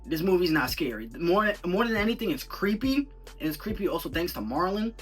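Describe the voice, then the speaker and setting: A young man giving a casual, rambling movie review full of slang, talking in an animated, incredulous way. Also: sits high, a little fast, recorded from a distance, soft background music.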